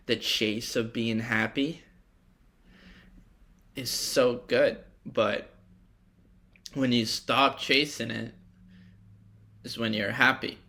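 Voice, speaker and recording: A young man rambles through a solo podcast at an unhurried pace, swearing easily and drifting into reflective thoughts. His voice has a gravelly fry with a bright, forward edge. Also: mid-range voice. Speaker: podcast host. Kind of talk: casual solo monologue.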